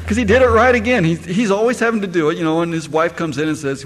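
A man's voice: on the high side, expressive, fast, soft background music. A middle-aged man, a pastor, preaching a sermon and firing rhetorical questions at his congregation. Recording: echoey hall, faint ambience.

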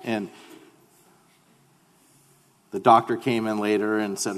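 A man's voice: fairly low pitch, fairly even intonation, takes it slowly, pauses often, fairly bright tone. Man preaching with humor in a hall. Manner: humorous, conversational storytelling. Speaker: pastor. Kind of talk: sermon with a personal story.

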